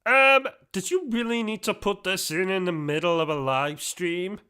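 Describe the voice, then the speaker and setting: A man's voice: high-pitched, moderate pace, bright, forceful tone, smooth, pitched above the performer's own voice. A man voicing a timid, mild sidekick who starts his lines with hesitant ums and uhs. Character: meek timid male sidekick, mild and dim.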